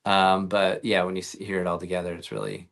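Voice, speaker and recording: A man's voice: low voice, very animated, a little fast, gravelly, fairly bright tone. Chatty man telling rambling anecdotes. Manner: rambling anecdotes with many fillers and restarts. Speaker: guest actor. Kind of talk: casual interview chat.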